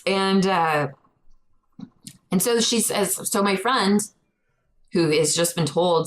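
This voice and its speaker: A young adult woman co-hosts a podcast and animatedly tells a story in a casual chat, acting out quotes in a raised voice. Her voice sits on the low side and is expressive, slow and fairly bright, though the audio is poor.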